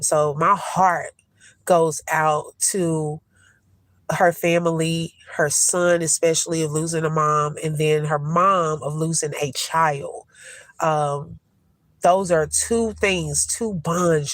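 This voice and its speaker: A woman with a lowish voice hosts a casual live commentary, chatting in a slow, easygoing way. She speaks straight to her viewers and calls them y'all and child. The sound is close and dry, with no room echo. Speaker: host reacting to news.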